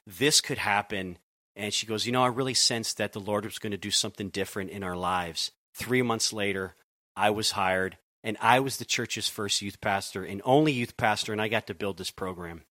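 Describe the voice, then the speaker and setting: A man's voice: on the low side, normal speed, bright, forceful tone, dry recording. A youth pastor from Connecticut telling his calling story in an earnest, conversational way with frequent restarts. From Connecticut, USA. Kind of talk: conversational podcast interview.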